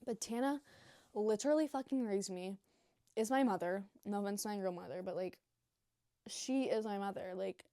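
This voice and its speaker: A young woman talks straight to camera in a loose, unscripted vlog, rambling and gushing with plenty of filler words and swearing. Her voice sits at a middle pitch for a woman. The sound is close and dry, with no room echo. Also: moderate pace, dark tone. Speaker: new vlogger. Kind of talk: casual unscripted vlog chat.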